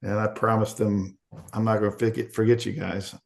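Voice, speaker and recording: Low gravelly man telling a story. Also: flat delivery, moderate pace. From Arkansas, USA. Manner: candid, conversational, acts out quoted voices. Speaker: podcast guest. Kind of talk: storytelling in a podcast interview.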